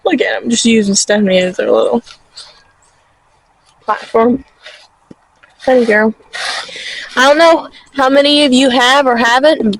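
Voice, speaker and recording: A woman's voice: fairly high pitch, poor audio. A woman vlogging from her sheep pen, chatting casually with lots of "like" and cooing at her sheep, recorded outdoors on a handheld camera. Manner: chatty, full of "like", cooing at animals. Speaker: shepherdess vlogger. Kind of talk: casual vlog chat.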